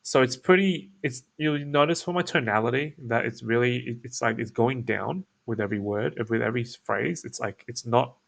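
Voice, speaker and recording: A man's voice: medium pitch, moderate pace, gravelly, hardly any pauses, fairly bright tone. A man hosting his own show, explaining a sales script in a casual screen-share walkthrough, laid back and full of restarts and fillers. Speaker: SEO business owner and show host.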